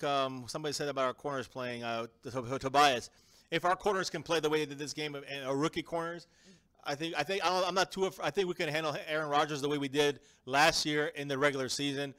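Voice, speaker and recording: A man hosting a casual live-stream sports chat, energetic and emphatic, often calling out to viewers. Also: a little high. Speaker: fan show host.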